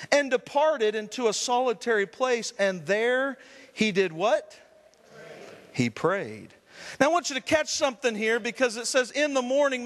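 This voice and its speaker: A man's voice: very high voice, a bit bright, long reverb tail. A man, a Pentecostal pastor, preaching a fervent sermon with repeated refrains. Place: church sanctuary.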